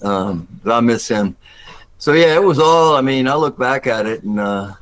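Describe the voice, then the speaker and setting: An older man from Georgia speaks with a Southern accent in a mid-range voice. He tells stories in a relaxed, chatty interview, acting out what people said with sudden high-pitched bursts. He laughs often as he goes. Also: normal speed, low-quality recording. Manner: animated, acts out quotes with jumps in pitch, laughs often. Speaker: guest actor. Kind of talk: casual storytelling interview.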